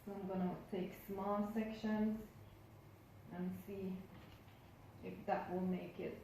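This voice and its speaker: A woman vlogger chats her way through a how-to in a mellow, relaxed voice. Her words bounce around a very echoey room, with a faint hum of room ambience behind her. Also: mid-range voice, takes it slowly. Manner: chatty, addresses viewers while working. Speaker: hair vlogger. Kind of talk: casual how-to narration.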